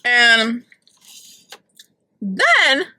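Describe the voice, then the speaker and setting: A woman's voice: fairly high pitch, huge pitch swings, very slow, sharp tone, rough recording. A woman vlogging from her car, chatting casually and opinionatedly about celebrity gossip with lots of "like".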